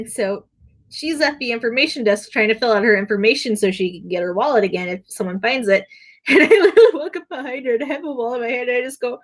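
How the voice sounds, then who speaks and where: A young woman streamer tells stories in a loose, rambling, casual way, laughing and poking fun at herself throughout. Her voice is a little high and she talks fast.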